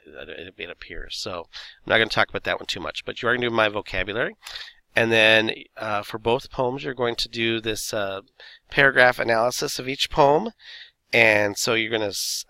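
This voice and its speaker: Male teacher recording a screencast at his computer, low voice, loose and chatty delivery. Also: pushed and bright, no echo. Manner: casual, loose, fillers and self-corrections. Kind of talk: recorded classroom instructions.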